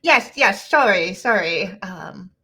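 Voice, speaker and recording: A woman's voice: mid-range voice, lively intonation, slow, sharp tone, breathy edge. A woman playing in a tabletop game, talking hesitantly with many restarts. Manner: hesitant, laughing, stop-start. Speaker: player.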